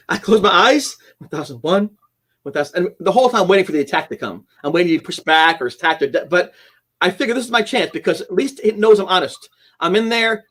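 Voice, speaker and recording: A middle-aged man telling a personal story as a podcast guest, animated and acting out dialogue, often restarting his sentences. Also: high voice. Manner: animated storyteller who acts out quoted dialogue, with frequent restarts.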